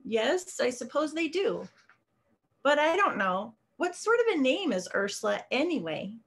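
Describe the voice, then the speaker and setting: A woman's voice: high-pitched, sing-song, a little slow, a bit bright, heavily acted. A woman voicing a lonely widowed old man who makes phone calls, polite and hesitant.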